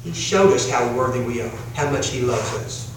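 A man preaching a sermon as pastor, with slow emphatic phrasing that drops to a hush on key lines. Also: medium pitch. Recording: echoey hall, distant mic, faint room noise.

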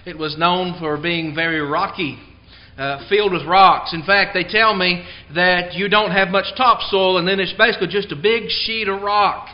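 A man delivers a sermon in a fairly high voice, pressing down on key words for emphasis. He moves between scripture reading and plain talk with the congregation. The recording sounds dull and lo-fi. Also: normal speed. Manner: tells a joke before the lesson. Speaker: preacher.

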